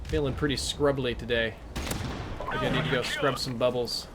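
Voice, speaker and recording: A man's voice: medium pitch, fairly even intonation, moderate pace, a loud crowd. A man giving casual live-stream commentary as he plays, chatty and answering chat between plays. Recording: game gunfire under the voice.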